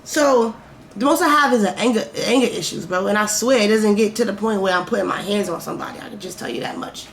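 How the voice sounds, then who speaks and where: A woman telling a personal story in a vlog, animated and profane, swinging between loud outbursts and slow, quiet musing. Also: medium pitch. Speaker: vlogger. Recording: roomy echo, faint background noise.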